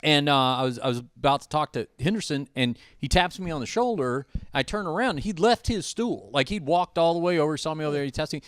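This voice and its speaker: A man's voice: a little high, expressive, fast talker, few pauses, fairly bright tone, clear, resonant tone, no room sound, studio quality. A man hosting a casual podcast chat from a house, telling stories with plenty of "uh" fillers and restarts. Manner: rambling storyteller, many uh fillers. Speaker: podcast host.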